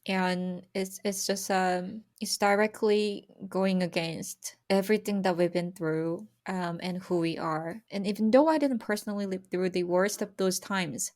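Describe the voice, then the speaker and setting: A woman's voice: medium pitch, fairly even intonation, a little slow, few pauses, a little mellow. A young woman from South Korea, speaking earnestly and with emotion as a podcast guest about her country's history. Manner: earnest, emotional, repetitive emphasis. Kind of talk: personal conversation about history.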